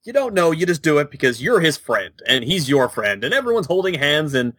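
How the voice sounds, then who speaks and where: A man co-hosting a casual gaming podcast, telling the story with animated jokes. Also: on the high side, a little fast, dry recording. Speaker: podcast co-host.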